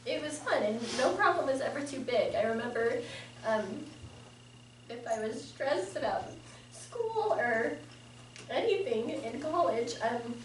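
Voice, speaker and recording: A woman delivers a halting memorial speech, pausing and laughing between memories. Her voice sits a little high. She is heard from across an echoing service room with steady background noise. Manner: halting, with fillers and frequent laughs. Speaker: family member giving a eulogy. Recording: echoey, distant and noisy.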